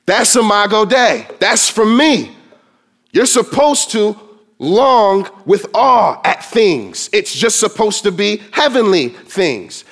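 A man's voice: sits high, big pitch swings, slow pace, a bit bright. A man preaching a sermon to his congregation, emphatic and quoting scripture in dramatic voices. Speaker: pastor.

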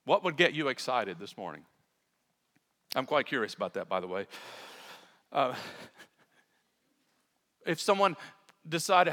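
A man's voice: medium pitch, sing-song, measured pace, pauses often, a bit bright, big-room sound. A man preaching a sermon in an earnest, emphatic way, often turning to talk straight to his congregation. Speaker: pastor.

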